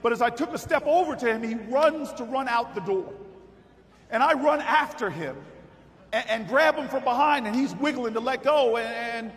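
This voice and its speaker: A man giving a rousing political speech at a party convention, telling a story and building to shouted, repeated calls. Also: very high-pitched, normal speed. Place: large convention hall with audience. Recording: echoey hall with crowd noise.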